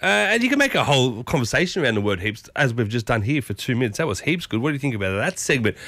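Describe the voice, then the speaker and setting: Upbeat Australian morning radio host. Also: male voice, fast, no room sound, clean studio sound. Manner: chatty, upbeat, excitable with sudden high bursts. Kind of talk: solo morning radio chat. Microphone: studio microphone.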